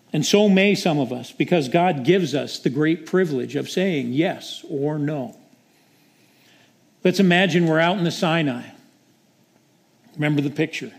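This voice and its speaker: A male preacher delivering a sermon with dramatic storytelling. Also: on the high side.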